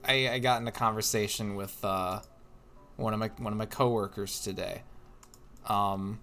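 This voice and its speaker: A man's voice: on the low side, fairly even intonation, moderate pace, pushed and bright, faint music behind. A tired man streaming a game, telling a rambling story in casual chat with lots of restarts. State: tired, yawning. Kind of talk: casual chat while gaming.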